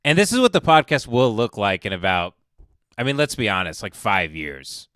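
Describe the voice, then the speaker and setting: A man's voice: on the low side, big pitch swings, moderate pace, a bit bright, clear, resonant tone, no room sound, studio quality. A man hosting a live stream, mocking the people in a clip with sarcastic commentary. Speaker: stream host.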